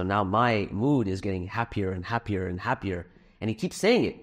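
This time the fundraising speaker has a fairly low voice that swings widely in pitch, moving at a moderate pace. The middle-aged man addresses a live audience in a hall, earnest and chatty, poking fun at himself.

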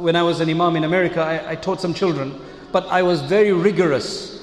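A man's voice: high-pitched, slight background noise. A man giving an earnest religious lesson on Quran recitation, explaining from his own teaching experience. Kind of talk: religious lesson with personal anecdote. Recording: echoey hall with faint ambience.

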